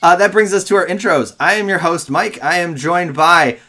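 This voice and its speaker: A man's voice: high-pitched, normal speed, bright, forceful tone. A young man hosting a casual podcast, upbeat and a bit rambling. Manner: upbeat, rambling, self-deprecating. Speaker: podcast host. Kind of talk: casual chat.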